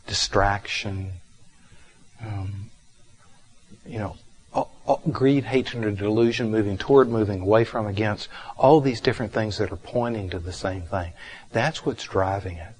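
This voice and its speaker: A man with a fairly low voice gives a reflective meditation talk. He speaks gently and without hurry, pausing often and filling gaps with soft fillers as he tells a story from his counseling work. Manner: gentle, unhurried, with frequent fillers and pauses.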